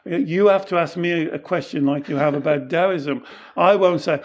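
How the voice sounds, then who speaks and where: A man's voice: a little high, normal speed. A middle-aged man in a casual teaching conversation, explaining patiently and earnestly, often acting out the lines he quotes. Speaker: Taoist teacher and podcast host.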